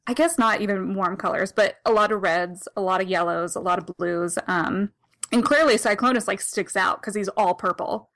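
A woman's voice: medium pitch, normal speed, a bit bright. A woman co-hosting a podcast in casual chat, rambling, laughing often and correcting herself as she goes. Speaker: podcast co-host. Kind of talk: casual comic discussion.

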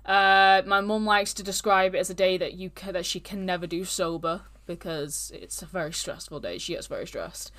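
Sex: woman. Role: podcast co-host. Style: casual, rambling chat. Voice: smooth and clear. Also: on the low side, normal speed, few pauses, fairly bright tone. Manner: chatty and rambling.

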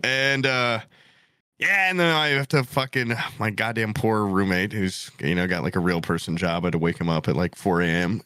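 A young man telling a story in casual chat, animated and jokey, swearing often. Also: lowish voice, normal speed, no echo, clean studio sound.

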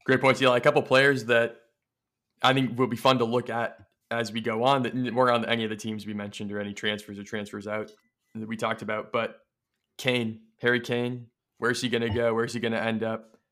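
A man's voice: medium pitch, flat delivery, brisk, fairly bright tone. A man co-hosting a sports podcast, speaking with enthusiasm and posing questions aloud in a casual way. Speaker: podcast co-host.

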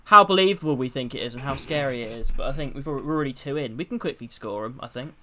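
A man's voice: mid-range voice, fast, sharp tone, slight background noise. A young man co-hosting a podcast, chatting casually and giggling, his sentences trailing off into mumbles. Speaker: podcast co-host. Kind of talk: casual chat.

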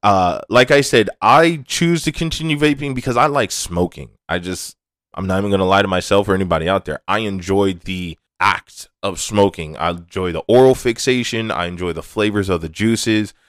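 A man's voice: low-pitched, normal speed, fairly bright tone, dry recording, clean studio sound. A young adult man hosting a casual, rambling, candid monologue, with frequent restarts and swearing. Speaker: podcast host.

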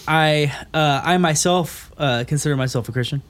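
Higher-voiced man telling a story. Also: moderate pace. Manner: storytelling, laughs between lines, loses his thread. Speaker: podcast co-host. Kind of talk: casual chat.

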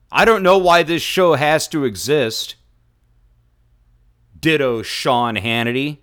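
A man's voice: a little high, a bit bright. A man hosting a talk radio show, delivering a sarcastic, mocking rant. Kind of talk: opinion radio monologue.

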